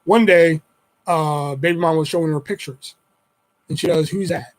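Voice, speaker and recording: A young man on a live stream, talking a little higher than most men. He rambles through a personal story with plenty of fillers and freely drops swear words. The delivery stays casual and conversational. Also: fairly even intonation, moderate pace, poor audio. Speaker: livestreamer.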